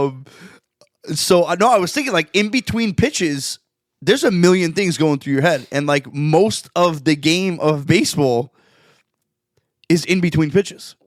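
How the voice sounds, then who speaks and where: A man's voice: on the high side, no room sound, studio quality. A man co-hosting a podcast, chatting casually and earnestly, often restarting his sentences, his voice cracking now and then. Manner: earnest, reflective, halting restarts. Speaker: podcast co-host.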